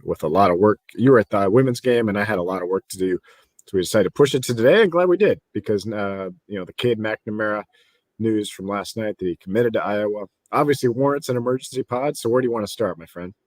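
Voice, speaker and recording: A man's voice: on the low side, lively intonation, fast talker, no echo. A man hosting a sports podcast in a loose, chatty way with plenty of fillers. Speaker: podcast host. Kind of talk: casual sports podcast chat.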